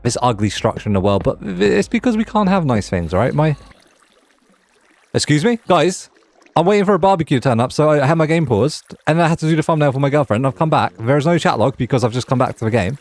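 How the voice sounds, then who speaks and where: A man's voice: fairly high pitch, big pitch swings, brisk, a little mellow. A young man giving chatty gameplay commentary, playfully talking to the characters in his game. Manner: playful, talks to the game villagers. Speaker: Minecraft gaming creator.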